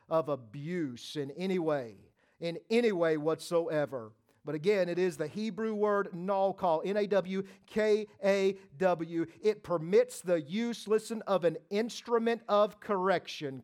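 A man preaching a sermon, swinging from loud, emphatic lines to soft, hushed ones and repeating phrases for emphasis. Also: high voice, clean tone.

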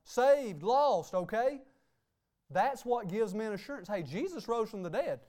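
A man's voice: high voice, very animated, unhurried, darkish tone. A man preaching a sermon as pastor, emphatic and repeating "hey" and "okay" between phrases. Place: church sanctuary.

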